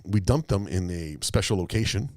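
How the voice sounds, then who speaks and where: Animated, profane man telling a story. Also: low-pitched, moderate pace, dry recording, studio quality. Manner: animated, profane, acts out quotes. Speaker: podcast co-host. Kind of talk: casual storytelling.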